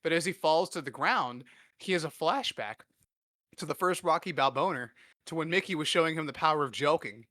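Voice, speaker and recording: A man's voice: fairly high pitch, animated, fairly quick, bright, forceful tone, no room sound, clean studio sound. A young man hosting a podcast, riffing crude comedy in a rambling, filler-heavy way. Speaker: podcast host.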